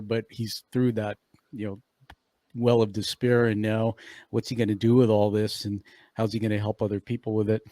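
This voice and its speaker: A man's voice: fairly low pitch, dark tone, dry recording. A man hosting a podcast interview, enthusiastic and casual, calling his guest dude and swearing now and then. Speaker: podcast host.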